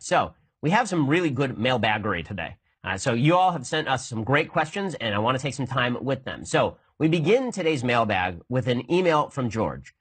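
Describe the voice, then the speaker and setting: A man in his thirties hosting a political commentary show, arguing in a rapid-fire, emphatic way while answering listener mail. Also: mid-range voice, fairly bright tone, slightly rough, low-quality recording. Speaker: podcast host.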